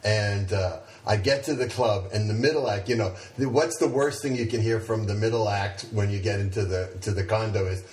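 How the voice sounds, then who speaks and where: A man's voice: fairly low pitch, a little fast, hardly any pauses, darkish tone. A male comedian chatting casually and telling stories, often restarting his sentences. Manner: conversational, with stammered restarts. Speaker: stand-up comedian. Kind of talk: casual storytelling chat. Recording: echoey room, far from mic.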